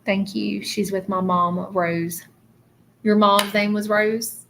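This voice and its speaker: Soft-spoken woman streaming live. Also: medium pitch, level tone, vocal fry, a little hiss or hum. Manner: soft, halting, many fillers. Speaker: psychic medium livestreamer. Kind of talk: casual live stream reading.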